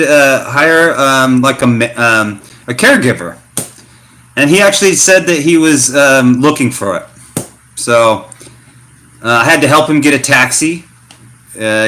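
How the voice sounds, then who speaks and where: A middle-aged man from the United States, telling a story in a loose, slangy way for his vlog. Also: mid-range voice. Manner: slangy, animated storytelling with fillers. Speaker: vlogger. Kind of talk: casual rambling vlog talk.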